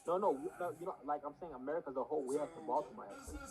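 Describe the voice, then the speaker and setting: A man's voice: fairly high pitch, very fast, a crowd in the background. A man in casual chat with friends on a voice call, playfully mimicking regional accents.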